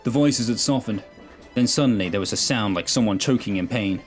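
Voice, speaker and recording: A man with a low voice narrates a sci-fi story in measured, steady sentences. Quiet music plays beneath his reading. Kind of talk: scripted narration of an audio story.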